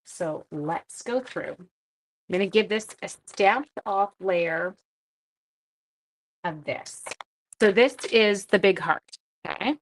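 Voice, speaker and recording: A woman's voice: mid-range voice, animated, slow pace, pauses often. A woman hosting a live card-stamping tutorial, chatting and answering viewer comments as she works, with a chatty, self-deprecating manner. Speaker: papercraft demonstrator hosting a livestream.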